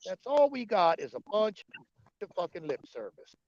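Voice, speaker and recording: A man on a livestream rants and argues with his viewers, swearing hard at every turn. His voice sits a little high. The sound is dry and muffled, like cheap stream audio. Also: sing-song, moderate pace, a little mellow, no room sound. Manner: profane, angry, argumentative. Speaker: livestream host. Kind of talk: heated livestream rant.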